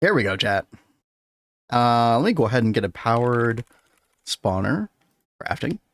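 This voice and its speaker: A man's voice: medium pitch, sing-song, unhurried, no room sound. Gaming streamer, male, casual and laughing, dry close mic. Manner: chatty, laughs often, talks to chat. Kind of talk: casual gaming livestream chat.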